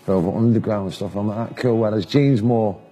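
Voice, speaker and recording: A man's voice: on the low side, brisk, dark tone, faint music behind. A Mancunian man in his forties, telling blunt, sweary anecdotes in a casual interview and laughing often. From England.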